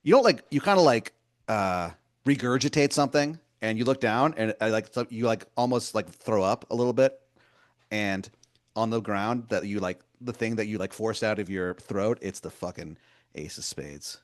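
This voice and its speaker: A man's voice: on the low side, moderate pace. A man narrating an improvised tabletop story as game master, rambling with lots of filler words.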